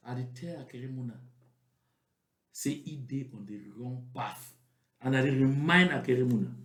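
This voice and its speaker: A man with a Cameroonian Pidgin English accent delivers a mocking political commentary. He hammers his points home by repeating them, and his high voice swings widely in pitch. The sound is roomy, with a clear echo.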